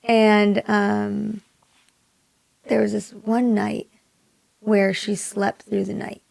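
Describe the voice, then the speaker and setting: A young woman from Maui tells a personal story as a guest in an interview. Her voice carries a strong gravelly fry, and she speaks softly, often slipping into a near-whisper for quoted thoughts. The sound is dry and close, with no room around it. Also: medium pitch, little pitch movement, drawn-out words, no echo. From Maui, Hawaii. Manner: soft-spoken, drops to a hush for quoted thoughts. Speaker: singer-songwriter guest.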